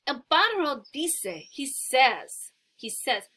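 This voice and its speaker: Patient language teacher, woman, unhurried and bright-toned, reads and explains a simple story. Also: sits high, lively intonation. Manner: slow, patient, explains word by word. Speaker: Spanish teacher. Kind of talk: reading a beginner story aloud and explaining it.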